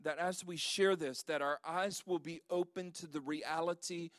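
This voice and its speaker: A male pastor delivers an earnest sermon, reading scripture with emphatic stresses and slowing into prayer. His voice sits a little high for a man. The sound is dry and close, with little room echo. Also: steady tone.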